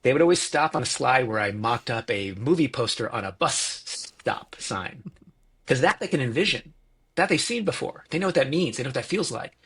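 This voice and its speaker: A man with a husky, slightly rough voice mulls over ideas in casual conversation. He hesitates often and restarts his sentences as he works his thoughts out. His pitch sits in an ordinary middle range. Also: animated, moderate pace, a bit bright. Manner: thinks aloud, hesitant with many ums. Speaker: podcast co-host and business partner. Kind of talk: casual business chat.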